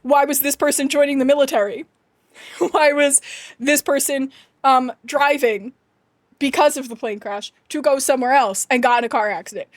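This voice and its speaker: High-voiced chatty woman streamer. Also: moderate pace, dry recording, studio quality. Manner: chatty, animated, laughs often, emphatic rants. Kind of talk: casual chat to live chat.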